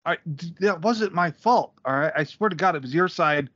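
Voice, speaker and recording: A man's voice: a little high, expressive, moderate pace, a bit bright, dry recording, highs cut off. A man co-hosting a comedy podcast over a call, bickering back in defensive, exasperated, crude banter. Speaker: podcast co-host. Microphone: remote call mic.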